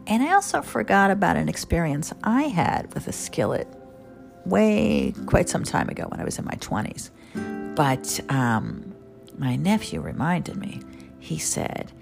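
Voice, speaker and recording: A woman's voice: extremely low pitch, vocal fry. A middle-aged woman telling family stories in a conversational, humorous way with asides to listeners, guitar music behind her. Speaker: storyteller. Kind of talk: storytelling on a radio podcast.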